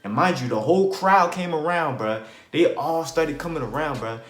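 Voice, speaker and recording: A man's voice: on the high side, lively intonation, normal speed, a bit bright. A young man from New Jersey telling a casual storytime, rambling and slangy, with lots of "bro" and "like". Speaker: vlogger. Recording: roomy with faint music.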